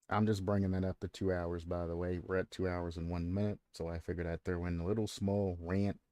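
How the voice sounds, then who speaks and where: Low, dark-voiced man ranting casually. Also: dry recording. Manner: profane, ranting, repeats himself. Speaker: streamer. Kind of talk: casual ranting stream commentary.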